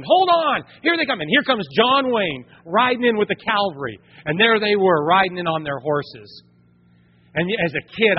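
A man preaching a sermon to his church, moving between quiet storytelling and loud, urgent exhortation. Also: high voice, slightly rough. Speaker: pastor. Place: church sanctuary. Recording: dull sound, long hall reverb.

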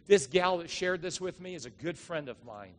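A middle-aged male pastor preaching a sermon, telling stories and acting out the voices with drawn-out dramatic lines. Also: fairly high pitch, expressive, slight background noise. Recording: long hall reverb.

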